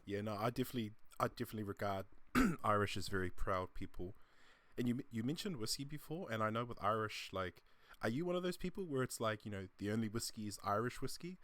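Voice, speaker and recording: A man's voice: fairly low pitch, expressive, fast, fairly bright tone. A man hosting a podcast, asking loose, easygoing questions. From New Zealand. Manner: easygoing, asks rambling questions. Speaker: podcast host. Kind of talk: casual interview chat.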